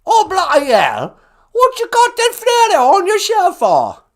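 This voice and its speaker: A man's voice: very high-pitched, wildly swooping pitch, takes it slowly, voice pushed up, heavily acted. A man voicing a brash woman caller who poses as the Queen, with a put-on British accent that slides into Irish. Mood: brash, flustered. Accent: put-on British sliding into Irish.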